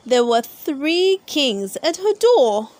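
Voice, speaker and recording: Slow, expressive woman reading a storybook. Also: high-pitched. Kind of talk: read-aloud storybook narration.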